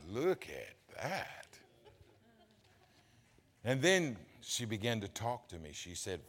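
An older man, preaching a sermon in a folksy, animated, humorous way. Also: lowish voice, slow, pauses often. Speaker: pastor. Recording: long hall reverb.

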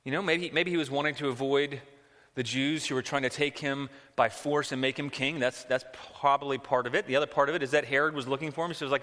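A man preaching a sermon in an animated way, asking rhetorical questions and often repeating words. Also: mid-range voice, normal speed. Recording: long hall reverb.

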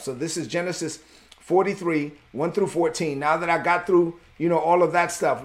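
A man preaching a conversational sermon in a folksy, animated way and speaking straight to his listeners. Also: on the high side.

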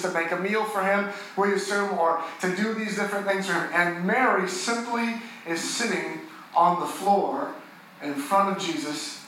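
A man preaching a sermon as pastor, earnest, rising and swelling on key phrases and dropping soft and low on tender moments. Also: very echoey, a little hiss or hum, rough recording.

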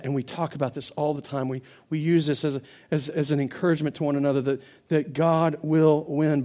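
A man preaching a sermon as pastor, building to loud, impassioned stretches and often repeating words as he restarts. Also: fairly high pitch. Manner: impassioned preaching that builds to near-shouting climaxes.

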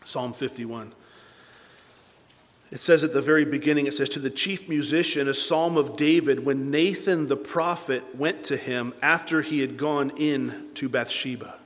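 A man's voice: medium pitch, moderate pace. Fervent preacher man in reverberant hall. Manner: animated preaching, swinging between loud bursts and hushed asides. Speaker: pastor. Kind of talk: sermon.

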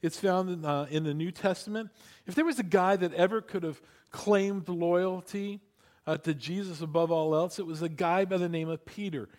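A pastor preaches with a high, bright tenor, bringing his stories to life by voicing the people in them. He hammers key points home by repeating them slowly and deliberately. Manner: animated storytelling, acting out quotes; emphatic repetition. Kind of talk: sermon.

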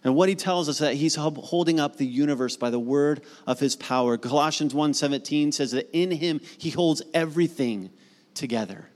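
A middle-aged man preaching a sermon as pastor, conversational and animated, building to emphatic repeated lines. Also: on the high side, normal speed. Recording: long hall reverb.

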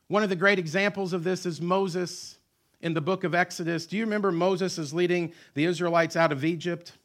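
A man's voice: sits high, fairly even intonation, brisk. A middle-aged man preaching a sermon as pastor. He asks the congregation rhetorical questions and slips in joking asides about married life.

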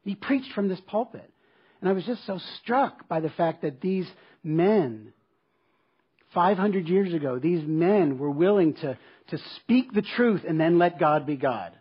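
Male pastor, sermon, husky voice, fairly high pitch, dull lo-fi recording. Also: expressive, measured pace. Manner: earnest, emphatic, returns to a repeated refrain. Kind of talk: sermon with personal storytelling. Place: church service.

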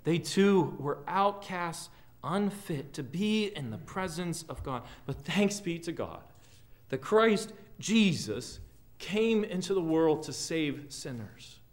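A man preaching a sermon as a pastor in a church, earnest and often dropping quiet at the ends of phrases. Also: fairly high pitch, lively intonation, takes it slowly. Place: church sanctuary.

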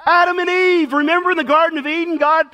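A folksy pastor, a man with a fairly high voice, preaching in a storytelling sermon. He is animated and acts out the people he quotes. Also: fast.

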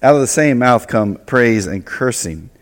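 A man preaching a sermon as pastor, in a loose, conversational way, acting out quick asides. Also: medium pitch, lively intonation, big-room sound. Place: church sanctuary.

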